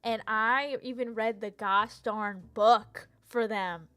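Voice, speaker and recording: A woman's voice: on the high side, steady tone, takes it slowly, a bit bright, smooth, dry recording. A young woman streamer chatting casually and ranting animatedly about TV shows, laughing and tripping over her words. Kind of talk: casual chat, live stream rant.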